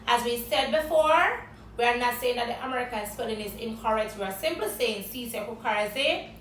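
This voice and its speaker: A woman's voice: fairly high pitch, fairly quick, a bit bright, echoey room, far from the mic, slight background noise, rough recording. A woman with a Jamaican accent teaching an English vocabulary lesson, spelling words letter by letter and quizzing a guest.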